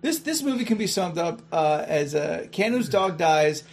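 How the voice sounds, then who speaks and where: A man's voice: on the high side, very animated, moderate pace. A man in casual movie chat, making wry, profane jokes.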